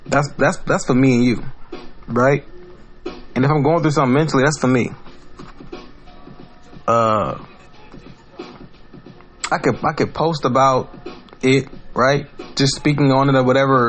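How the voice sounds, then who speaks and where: Male podcast host, mid-pitched, blunt and profane, rambling solo talk. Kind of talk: casual monologue.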